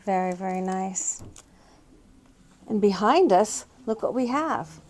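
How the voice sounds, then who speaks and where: Woman host, middle-aged, unhurried delivery, admiring chatty shop tour. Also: medium pitch, animated, darkish tone, a little hiss or hum. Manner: admiring, slow and chatty, pointing out items. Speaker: host touring antique shops. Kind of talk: casual walking shop tour.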